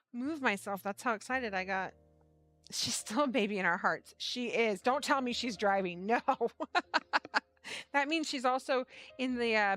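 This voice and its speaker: Chatty woman with a bright voice. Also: medium pitch. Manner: chatty, laughs often, swears casually. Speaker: livestream host and yarn shop owner. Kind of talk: casual live-stream chat.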